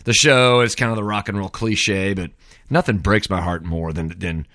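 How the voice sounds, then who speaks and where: A man's voice: on the low side, fairly even intonation, moderate pace, fairly bright tone, dry recording, clean studio sound. A middle-aged man hosting a podcast, rambling through a wry, casual solo monologue full of "man" and "dude.". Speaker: podcast host.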